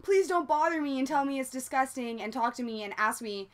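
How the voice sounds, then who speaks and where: A woman's voice: on the high side, fast, few pauses. A young woman in her twenties with a Southern Californian accent, talking casually in a rambling, confessional vlog full of "like" and casual swearing. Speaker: vlogger.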